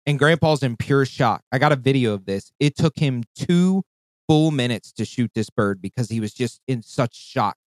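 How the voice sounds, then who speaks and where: A man's voice: medium pitch, moderate pace, dry recording. A man casually telling a long hunting story, swearing a lot and acting out voices and calls. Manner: profane, animated, acts out voices and calls.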